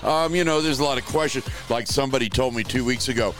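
Casting: male streamer, mid pitch, rambling and animated, laughs a lot, faint music under. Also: fast, few pauses. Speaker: livestream host. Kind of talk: casual livestream commentary.

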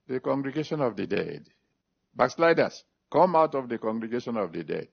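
A man's voice: medium pitch, very animated, normal speed, creaky, breathy edge. A man preaching a sermon, stressing and repeating scripture references, then leading an altar call and prayer. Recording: dull lo-fi recording.

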